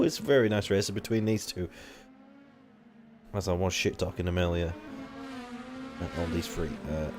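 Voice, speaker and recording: A young man commentating an online racing league live, rambling and casual, swearing freely and jumping up when the action heats up. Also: a little hiss or hum. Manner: excitable, rambling, swears casually, jumps to high excited pitch.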